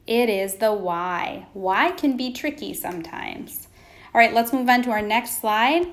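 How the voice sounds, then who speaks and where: A woman teaching phonics to young children at a slow, unhurried pace. She asks a question, waits for the answers, then confirms them with patient encouragement. Her voice sits at an ordinary middle pitch. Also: a bit bright.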